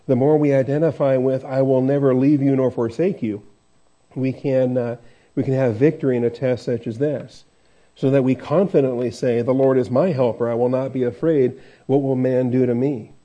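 A man's voice: medium pitch, fairly even intonation, normal speed, warm tone. A male pastor teaching a Bible passage verse by verse in a conversational way, with frequent fillers and restarts. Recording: dull lo-fi recording.

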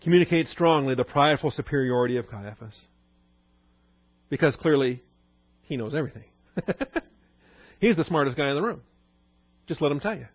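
A man's voice: medium pitch, no echo. A man giving a conversational Bible study lecture as the teacher, often asking his listeners questions. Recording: dull dry recording.

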